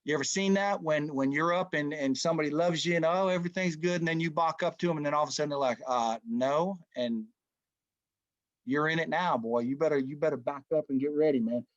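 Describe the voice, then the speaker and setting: Middle-aged man, casual Bible study leader, folksy, slightly high voice, dry close sound. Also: fast talker, no room sound, dull audio. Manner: folksy, keeps saying "man" and "right?".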